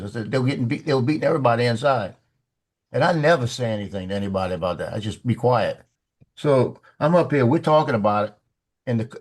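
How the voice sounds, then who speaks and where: A man telling a basketball story on a video call, acting out the quoted lines. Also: medium pitch. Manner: animated, acts out quoted lines. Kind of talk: casual storytelling.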